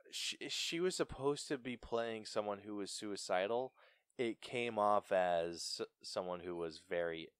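Young lower-voiced guy, chatty film podcaster, trips over words, laughs a lot, dry mic. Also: clean tone, no room sound. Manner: animated, stumbles and laughs often. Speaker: podcast co-host. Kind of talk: casual film review chat.

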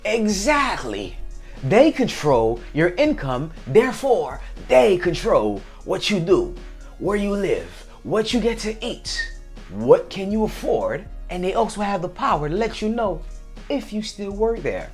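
A man vlogging casually to his viewers, animated and acting out little scenes in different voices. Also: high voice, moderate pace, faint music behind. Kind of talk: casual talk to camera.

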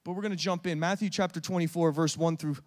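A man preaching a sermon with passion, swinging from loud urging to hushed, intimate talk. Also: on the high side, fairly even intonation, fast talker.

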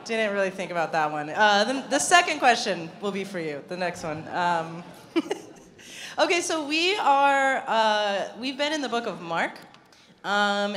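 A young woman gives a conversational sermon in a church, her voice sitting at an ordinary middle pitch. She talks in a chatty, self-deprecating way and laughs often. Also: fairly bright tone. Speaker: pastor. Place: church sanctuary.

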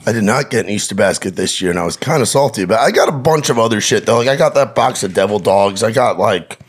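A man's voice: fairly low pitch, expressive, fast talker, breathy edge. A man co-hosting a podcast in casual chat, rambling and jokey, swearing freely.

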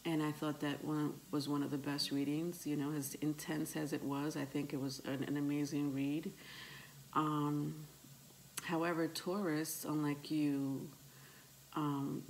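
A woman with a low voice and a slow, unhurried pace gives a tarot reading to her viewers. She hesitates often, filling gaps with ums, and calls her listeners "my love". A faint noise sits behind her voice. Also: low-quality recording. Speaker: tarot reader.

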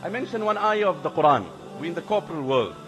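Man giving a sermon, high voice, repeats himself for emphasis, big hall echo. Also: fast. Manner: animated, repeats phrases for emphasis. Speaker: preacher. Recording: long hall reverb, faint music.

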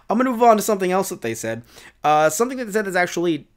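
A man's voice: high-pitched, big pitch swings, very fast. A male YouTuber giving a ranting commentary, exasperated and emphatic, repeating words for effect.

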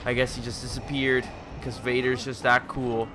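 Excitable man narrating gameplay over music. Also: mid-range voice, normal speed. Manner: excitable, swears, yells attack moves. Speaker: let's play commentator. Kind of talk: casual gameplay commentary. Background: loud game music.

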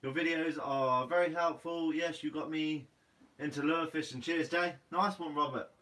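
A man's voice: fairly high pitch, steady tone, normal speed, bright, forceful tone, recorded from a distance, poor audio. A young man from Guernsey with a Guernsey accent, hosting a fishing channel's live Q&A, reading out comments in a laid-back, slightly sleepy way and calling everyone "mate". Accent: Guernsey English.

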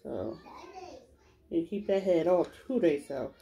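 A woman's voice: on the low side, expressive, slow, dark tone. Chatty woman eating on camera, noisy home. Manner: chatty, addresses viewers as y'all, smacks and hums while eating. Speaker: food vlogger. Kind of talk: mukbang eating vlog, casual chat. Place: at home with her family. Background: a baby crying and household noise.

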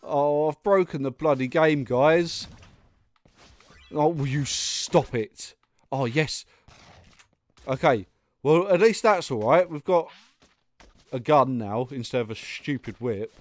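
A man's voice: on the high side, animated, a little slow, no echo. A young man commentating his own gameplay, muttering and getting exasperated, with sudden outbursts and laughs. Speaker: gaming YouTuber. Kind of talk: let's play commentary.

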